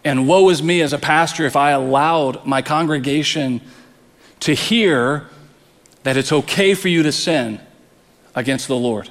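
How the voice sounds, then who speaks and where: A man's voice: on the high side, unhurried, a bit bright, big-room sound. A man preaching a sermon as pastor, earnest, often repeating words as he presses a point.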